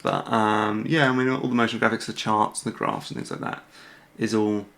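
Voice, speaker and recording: A man's voice: lowish voice, fairly even intonation, normal speed, gravelly, fairly bright tone. A British man hosting a casual livestream, rambling through viewer questions with lots of fillers, restarts and self-deprecating asides from a room at home at night. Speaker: host.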